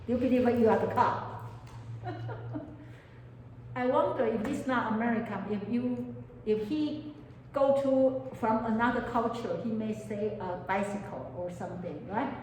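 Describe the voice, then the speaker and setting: A woman's voice: on the high side, unhurried, pauses often, darkish tone, a little hiss or hum. A woman teaching a counseling class, often questioning her students and speaking English with non-native phrasing. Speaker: counseling lecturer. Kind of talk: classroom lecture. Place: lecture room with students. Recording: echoey hall, mic far off.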